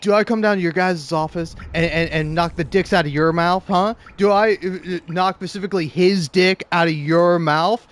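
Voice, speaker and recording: Male performer doing a yelling, fed-up boss, pitched up, loud and exasperated. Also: a little slow, clean tone. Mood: menacing.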